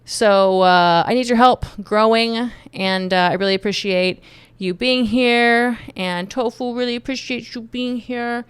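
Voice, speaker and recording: A chatty woman vlogger talks straight to her viewers in a loose, joking way, circling back and restarting her sentences as she goes. Her voice sits a touch high and rings smooth and clean. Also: measured pace, few pauses, no room sound. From Texas. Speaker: YouTube commentator. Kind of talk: casual opinion vlog.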